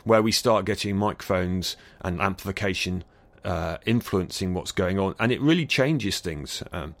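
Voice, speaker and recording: Here a low-voiced man from Britain, slightly bright in tone, speaks at a moderate pace with no room sound. As an acoustics expert being interviewed, he explains things thoughtfully and conversationally in a mild near-RP accent, often restarting and adding fillers.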